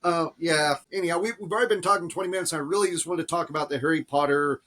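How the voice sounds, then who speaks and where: Fast-talking man on a casual podcast. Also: on the high side. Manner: profane, animated, quick to laugh. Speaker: podcast co-host. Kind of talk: casual chat.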